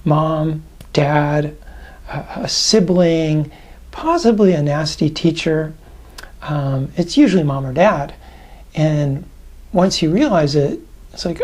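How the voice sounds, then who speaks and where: A male coach speaks to camera in a relaxed, conversational way, pausing to think as he explains. His voice is mellow and warm with a slightly husky grain. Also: a little high. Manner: conversational and reflective, with thoughtful pauses. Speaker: tapping practitioner and coach. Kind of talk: advice talk to camera.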